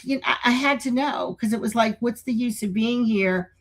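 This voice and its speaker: A woman's voice: a little high, moderate pace, low-quality recording. An older woman, a guest on a talk show, telling stories in a rambling way with many restarts and acted-out quotes. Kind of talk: casual interview storytelling.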